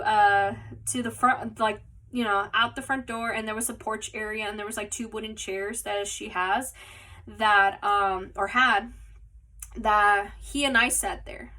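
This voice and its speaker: A woman's voice: fairly high pitch, pushed and bright, far from the mic. A woman casually telling a personal story as a podcast host, rambling with lots of "like" and "you know", recorded on a phone. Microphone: phone mic.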